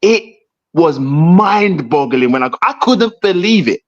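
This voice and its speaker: Animated man with husky voice. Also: high voice, moderate pace, dull audio. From United Kingdom. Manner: animated, repeats himself, asks "right?" often. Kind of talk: heated casual debate.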